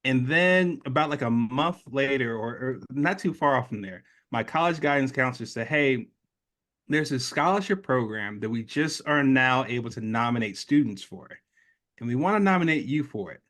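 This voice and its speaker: A man in his late thirties, an interview guest, telling a personal story in a lively way and acting out the voices of the people in it. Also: medium pitch, normal speed. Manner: animated storyteller, acts out quoted voices.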